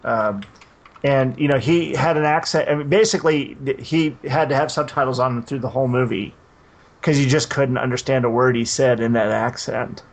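Man, mid-pitched, rambling podcast co-host, halting with lots of "uh". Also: vocal fry. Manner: hesitant, many restarts and "uh". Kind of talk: casual podcast chat.

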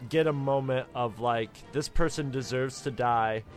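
A man's voice: mid-range voice, unhurried, faint music behind. A man chatting casually in a movie commentary, telling rambling, profane stories and laughing often.

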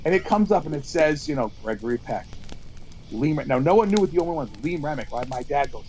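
A man's voice: a little high, expressive, quick pace, a little mellow, slight background noise, rough recording. A man co-hosting a podcast outdoors at a campfire, telling rambling stories, swearing and acting out quotes. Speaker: podcast co-host. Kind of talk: casual storytelling chat.

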